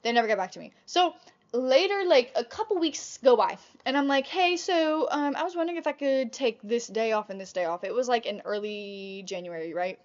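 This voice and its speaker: A young woman vlogger telling a casual storytime about old jobs, chatty and animated, swearing often. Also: fairly high pitch, fairly quick, highs cut off.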